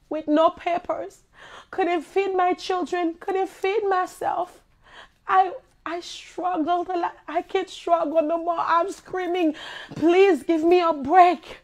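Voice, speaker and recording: A woman with a Haitian accent speaks in a high, pleading voice, distraught and close to tears. She talks in an impassioned personal monologue and circles back to the same words again and again. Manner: pleading, impassioned, repeating herself. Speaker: singer.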